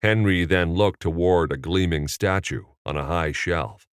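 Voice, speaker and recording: A man narrating an audiobook chapter in a measured, expressive reading. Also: sits low, smooth, no room sound, studio quality. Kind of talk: scripted narration.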